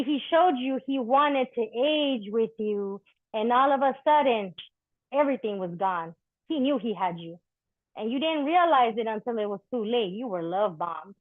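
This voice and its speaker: A woman's voice: a little high, expressive, moderate pace, no echo. A woman performing spoken-word poetry and chatting candidly between poems at a live poetry event, swearing freely. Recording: thin phone-like dry recording.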